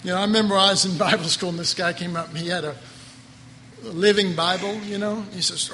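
A man's voice: sits high, a little fast, bright, forceful tone, in a large hall, slight background noise. A man preaching a Bible class in a folksy, conversational way, with chuckling asides. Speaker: Bible teacher. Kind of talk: sermon.

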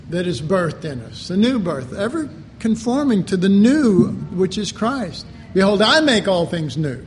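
Slow high-voiced preacher in a hall. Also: male voice, slight background noise. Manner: slow, deliberate delivery with animated mock voices and laughter. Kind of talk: sermon.

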